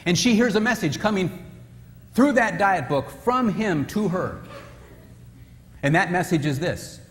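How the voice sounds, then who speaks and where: High-voiced man telling stories in a hall. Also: unhurried. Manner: animated storytelling, acting out characters. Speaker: retreat speaker. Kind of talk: humorous marriage seminar talk. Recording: reverberant hall.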